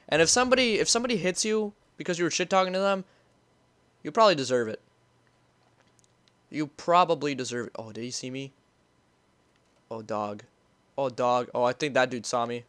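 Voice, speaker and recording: A man giving rambling, excitable gameplay commentary, gasping and yelling as the game turns tense. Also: medium pitch, a little fast, pauses often, smooth, dry recording. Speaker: gaming YouTuber.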